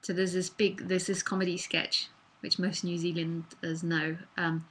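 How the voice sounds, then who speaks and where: A woman's voice: on the low side, level tone, measured pace, fairly bright tone, breathy edge, rough recording. A woman speaking as a spiritual teacher in a live online talk, earnest and casual, with fillers and the odd swear word, into a computer mic.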